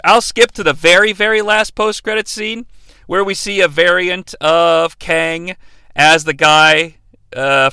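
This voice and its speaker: Profane, animated male movie review host. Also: on the high side, smooth, dry recording. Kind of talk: unscripted rant-style review.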